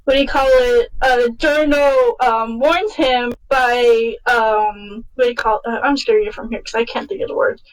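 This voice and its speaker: A woman talking casually on a podcast in a high voice, rambling and stopping to search for words. She sits a little back from the microphone, so she sounds slightly distant. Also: fairly even intonation, normal speed, hardly any pauses. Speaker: podcast co-host.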